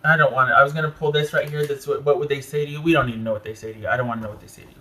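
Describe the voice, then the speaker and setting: A man giving a casual tarot reading, talking in a chatty way with animated asides and frequent self-interruptions. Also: medium pitch, rapid-fire. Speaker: tarot reader.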